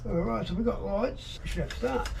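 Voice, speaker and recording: A man's voice: high-pitched, fairly quick, vocal fry, very noisy. An Australian man in a casual, matey vlog, talking straight to his viewers while working on a motorbike. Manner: chatty, matey, addresses viewers directly. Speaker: vlogger.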